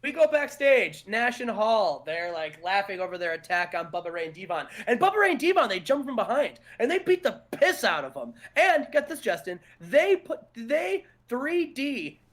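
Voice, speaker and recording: A man co-hosting a podcast, recapping a wrestling game in casual, animated storytelling. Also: very high-pitched, moderate pace, few pauses. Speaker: podcast co-host.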